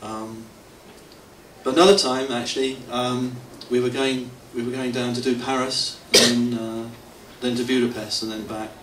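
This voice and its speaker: In a level, mid-range voice at a moderate pace, a middle-aged devotee tells stories to a temple anniversary audience. He rambles, pokes fun at himself, and chuckles often. The distant mic in the temple hall yields a roomy sound with faint hiss.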